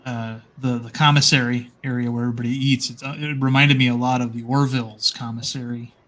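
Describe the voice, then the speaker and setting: A man's voice: medium pitch, flat delivery, a little fast, a bit bright. A man chatting casually as co-host, rambling with frequent restarts and fillers. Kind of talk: casual chat.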